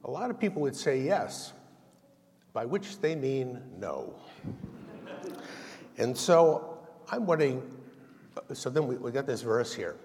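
A man gives a folksy, self-deprecating sermon in a church hall. His voice rises and falls with lively animation. The sound carries a long, roomy reverb. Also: mid-range voice, slow, long pauses, slight background noise. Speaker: lay preacher giving a message. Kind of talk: conversational sermon.

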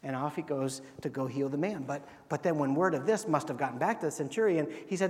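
A man's voice: a little high, a little fast, few pauses. A man preaching a sermon as pastor, talking in a conversational way and asking his listeners rhetorical questions. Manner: conversational, asks rhetorical questions and acts out quotes. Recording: long reverb of a large hall.

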